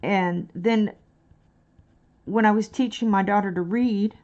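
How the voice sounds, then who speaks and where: Slow, hesitant woman with mild Texan accent. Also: medium pitch, steady tone, a little mellow, muffled recording. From Dallas, Texas. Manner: slow, hesitant, many fillers. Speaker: livestreaming artist. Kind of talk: casual chat while painting on stream.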